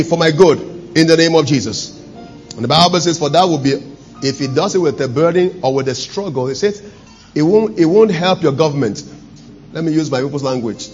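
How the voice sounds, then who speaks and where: A man preaching a sermon as pastor, swinging between loud, fervent preaching and low, intimate storytelling.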